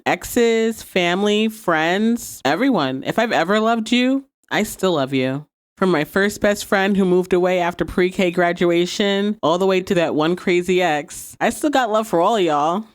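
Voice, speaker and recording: A woman hosting a podcast, casually retelling a TV episode scene by scene with playful asides. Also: medium pitch. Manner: animated storytelling with playful asides and laughs. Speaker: podcast host recapping a TV episode. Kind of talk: casual recap, acting out quotes.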